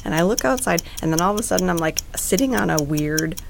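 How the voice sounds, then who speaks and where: A woman's voice: on the low side, lively intonation, quick pace, vocal fry, background noise. A woman co-hosting a podcast, chatting casually in a playful, giggly way. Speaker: podcast co-host. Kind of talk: casual chat.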